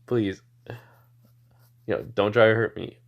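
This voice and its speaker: A man's voice: fairly low pitch, fairly even intonation, a little slow, gravelly, muffled recording. A man voicing a cocky, smug young male fighter who teases and boasts. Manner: boastful, teasing.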